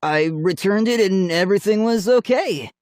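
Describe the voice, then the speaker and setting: A man doing a loud, cheeky teenage boy. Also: high voice, lively intonation, moderate pace, no echo, clean studio sound, voice pushed up. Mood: defensive. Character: greedy, cheeky teenage boy, brother and troublemaker. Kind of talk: audiobook character voice.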